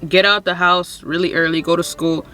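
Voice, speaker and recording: Bright-voiced woman telling a frank story. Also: on the low side, fairly even intonation, moderate pace, soft background music. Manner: frank, heavy swearing, lots of "like" and "you know". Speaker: vlogger. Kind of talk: casual personal storytelling.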